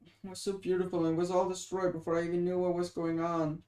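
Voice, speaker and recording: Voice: medium pitch, little pitch movement, fast talker, dark tone, natural voice. A reader voicing a grieving, frightened young female sprite, speaking in a sorrowful, pleading way close to tears. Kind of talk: dramatic reading of a webcomic. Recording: roomy echoing room.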